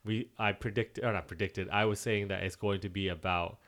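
A man's voice: fairly low pitch, fairly even intonation, a little fast, a bit bright. A man co-hosting a podcast. He chats casually and jokingly about a film, rambling and laughing as he goes. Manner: rambling, jokey, breaks into laughs and silly noises. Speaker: podcast co-host. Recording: faint film soundtrack playing behind.

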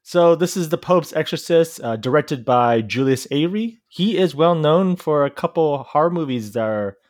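Halting man hosting a casual podcast. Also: a little high, animated, a little mellow, no echo. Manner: halting, full of filler words and restarts. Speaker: podcast host.

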